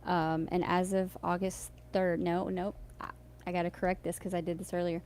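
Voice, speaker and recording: A woman's voice: lowish voice, level tone, moderate pace, a little mellow, a little hiss or hum. A woman co-hosting a podcast, casually recounting a crime case between frequent laughs. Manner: chatty, laughs often, loses her thread. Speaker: podcast co-host. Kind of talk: casual chat, telling a crime story.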